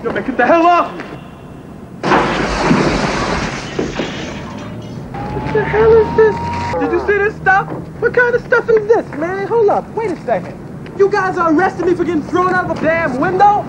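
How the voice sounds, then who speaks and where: An actor playing a brash, wisecracking young street cop in a film dub for TV. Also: male voice, very high-pitched, expressive, background noise. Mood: protesting. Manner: brash, wisecracking, rapid-fire.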